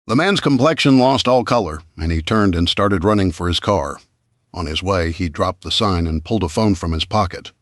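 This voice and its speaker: Low-voiced man narrating an audiobook. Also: animated, moderate pace, dry recording, clean studio sound. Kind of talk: first-person audiobook narration.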